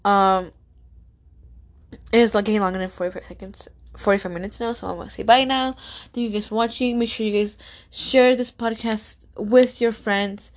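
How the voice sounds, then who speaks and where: A young woman hosting a casual podcast, reacting excitedly to a video with frequent exclamations and fillers. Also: mid-range voice, normal speed. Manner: gushing, exclamatory, many fillers. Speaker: podcast host.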